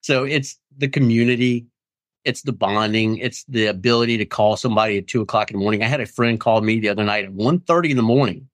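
A man's voice: on the low side, quick pace, no echo. Middle-aged male interview guest; earnest, rambling delivery, dry close sound. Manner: earnest, rambling, acts out quoted friends. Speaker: guest in recovery. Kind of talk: candid interview conversation.

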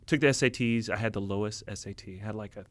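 A man in his thirties, telling his story as an interview guest in earnest, halting casual talk with many fillers. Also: fairly low pitch, a bit bright. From United States. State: emotional, near tears. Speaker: interview guest, Army officer. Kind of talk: casual conversation.

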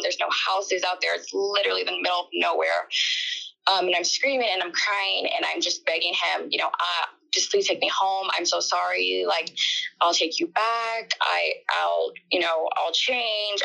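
Woman with a gravelly, bright voice. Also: on the low side, poor audio. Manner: halting, emotional retelling with many fillers. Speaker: interviewee. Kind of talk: personal testimony in an interview.

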